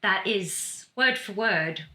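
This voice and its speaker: A woman's voice: medium pitch, animated, takes it slowly, bright, forceful tone. A woman talking as a guest, earnestly and emotionally recounting a personal experience, often restarting her sentences. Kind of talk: casual conversation, personal account.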